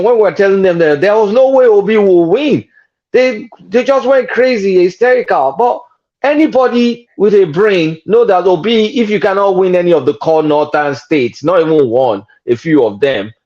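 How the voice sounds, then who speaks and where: A man's voice: high-pitched, expressive, moderate pace, a little mellow, muffled recording. A man on a political panel call, stammering at first and then dismissive of his opponents. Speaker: panel guest. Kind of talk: heated political panel discussion.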